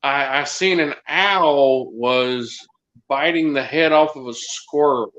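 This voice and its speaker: A man telling a short story in casual podcast chat, slow and hesitant. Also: mid-range voice, a bit bright, reverberant, muffled recording.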